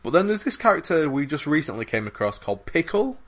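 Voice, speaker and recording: Talking fast with a slightly high, breathy voice that swings widely in pitch, this man co-hosts a gaming podcast. The conversation rambles casually and excitedly, heavy on fillers and swearing.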